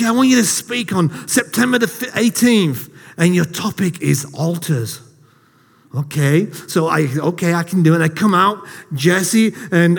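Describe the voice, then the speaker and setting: A fairly high-voiced man preaches in a casual, storytelling way, poking fun at himself. His voice rings out with a long reverb from the hall. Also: vocal fry. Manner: jokey, self-deprecating storyteller. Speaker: lay preacher. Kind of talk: casual sermon to a congregation.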